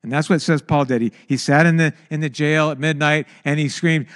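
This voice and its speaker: A man preaching with a high, bright voice, dry and close to the mic. He delivers his sermon in an animated way, stumbling over words when excited. He leaps into anguished, high cries as he acts out the story. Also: a little fast, few pauses, no echo. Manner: stammers and restarts when excited.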